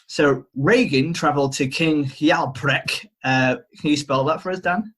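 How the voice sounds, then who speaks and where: A husky man retells an old legend on a video-call podcast, with a voice pitched a touch high. He rambles, hesitates and jokes at his own expense as he goes. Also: measured pace, fairly bright tone. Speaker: podcast co-host retelling a myth. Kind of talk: casual storytelling chat. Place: home, remote call.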